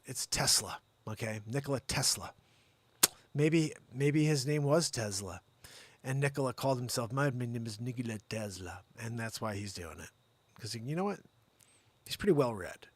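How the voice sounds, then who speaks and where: A man hosting a comedy news show, with a fairly high, bright and lively voice that swings widely in pitch. He reads the news with excitable rants and asides, recorded close and dry. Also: dry recording. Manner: animated, excitable, swearing, asides to co-host. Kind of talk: comedic news reading and rant.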